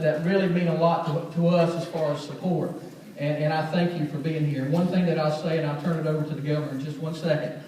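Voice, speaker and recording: Guy thanking everybody at a school assembly, kinda high voice, far off mic. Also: a little mellow, a little hiss or hum. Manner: rambling, full of restarts and thanks. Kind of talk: welcoming speech at a school assembly. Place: school assembly hall, indoors. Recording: echoey hall from far off.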